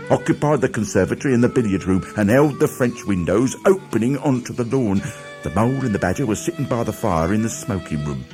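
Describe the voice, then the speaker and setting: A man narrating a children's classic as an audiobook, dramatic and animated. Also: medium pitch. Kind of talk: storybook narration.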